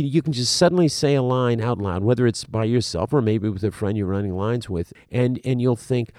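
A middle-aged man lecturing as an acting coach. He is emphatic and animated, and he often repeats a word as he starts a phrase. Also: mid-range voice, dry recording, studio quality. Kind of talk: spoken lecture to the viewer.

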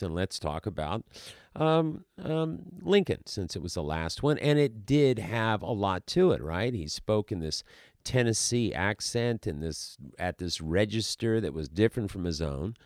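A man's voice: sits low, no room sound, clean studio sound. A man who works as an actor, talking in a casual, rambling monologue full of restarts and asides.

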